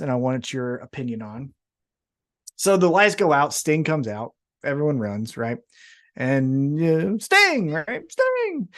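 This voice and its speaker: A young man co-hosting a wrestling podcast, chatting casually with quick asides and swearing. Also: fairly high pitch. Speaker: podcast co-host.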